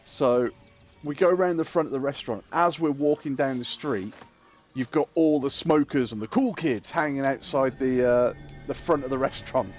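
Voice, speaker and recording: A middle-aged man streaming a game, casually telling an animated story and acting out the people in it. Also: medium pitch, moderate pace, faint music behind. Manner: animated, acts out quoted people, swears freely. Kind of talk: casual storytelling while gaming.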